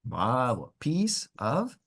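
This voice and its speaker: A man's voice: medium pitch, wildly swooping pitch, extremely slow, fairly bright tone, breathy edge. A man teaching an online English lesson, encouraging and repeating words with frequent praise. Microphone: computer mic on a video call.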